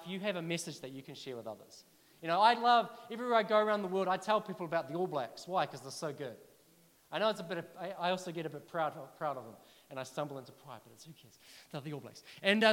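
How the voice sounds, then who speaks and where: A man preaching a sermon, telling personal stories in a chatty, animated way and asking the listeners questions. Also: high-pitched, long reverb tail. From New Zealand.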